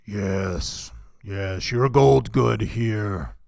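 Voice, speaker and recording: A hulking, gruff half-orc innkeeper, as a man puts him on. He speaks slowly in short, broken sentences, as in a tabletop game. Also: on the low side, a little mellow, no echo, studio quality, heavily acted. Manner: slow broken speech.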